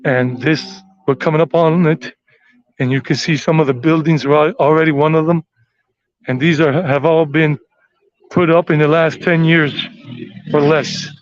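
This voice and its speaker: A man's voice: a little high, steady tone, normal speed, dry recording, muffled recording. An American man giving a rambling, chatty walking tour outdoors on city streets. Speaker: tour vlogger.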